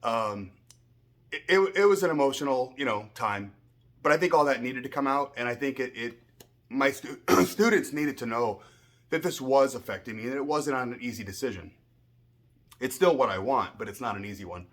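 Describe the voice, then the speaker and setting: A middle-aged man who owns a martial arts school, giving a casual personal update in a rambling, emotional way, often clearing his throat and restarting. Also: medium pitch, lively intonation, normal speed, fairly bright tone.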